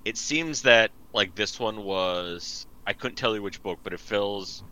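A man's voice: lowish voice, unhurried, sharp tone, smooth. A man co-hosting a podcast in casual chat, teasing his friend and filling his talk with "like" and "right". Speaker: podcast co-host.

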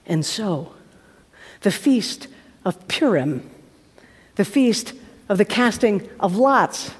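A woman preacher retelling a story in a lively sermon, acting out the characters and dropping to a hush at tense moments. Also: medium pitch, slow pace, breathy edge. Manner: acts out the characters with shifting voices, drops to hushed tones. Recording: hall reverb from a live talk.

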